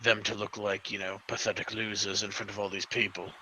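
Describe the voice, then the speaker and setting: A man's voice: lowish voice, flat delivery, brisk, sharp tone, a little hiss or hum, low-quality recording. A man playing a tabletop role-playing game, chatting and bantering in a casual way. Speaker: player.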